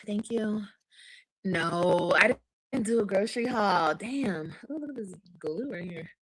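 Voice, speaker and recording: A woman's voice: mid-range voice, unhurried, a bit bright, rough recording. A woman vlogging casually from home, chatting to viewers and answering comments. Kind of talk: casual chat.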